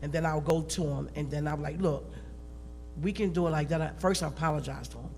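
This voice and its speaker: A woman on a church panel, talking in a lively, emphatic and colloquial way. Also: low voice, brisk, big-room sound, soft background music. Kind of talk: panel discussion.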